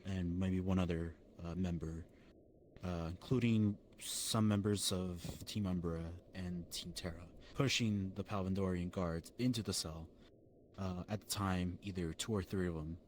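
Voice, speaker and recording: A man in character as a witness, recounting events haltingly with many pauses and restarts. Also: low voice, a little hiss or hum. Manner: hesitant, halting, full of ums and restarts. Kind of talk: in-character roleplay testimony.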